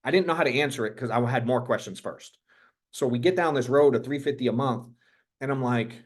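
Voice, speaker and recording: Energetic, profane male business coach. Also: mid-range voice, brisk. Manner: energetic, profane, rambling storyteller. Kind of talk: casual motivational talk to a group.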